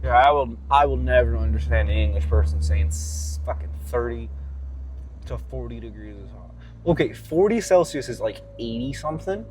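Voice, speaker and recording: A man's voice: mid-range voice, expressive, normal speed, darkish tone, a little hiss or hum. Profane rambling man vlogging from a car. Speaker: fitness vlogger. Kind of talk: casual vlog rant.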